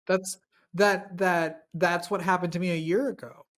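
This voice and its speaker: A man's voice: high voice, steady tone, fairly bright tone. Chatty man co-hosting a podcast. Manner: chatty, quick, enthusiastic asides. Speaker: podcast co-host. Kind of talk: casual podcast chat.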